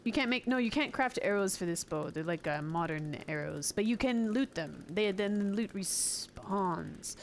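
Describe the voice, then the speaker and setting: Lively chatty woman streamer. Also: medium pitch, unhurried, few pauses, slight background noise. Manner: chatty, giggly, reacts loudly to the game. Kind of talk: live gameplay commentary.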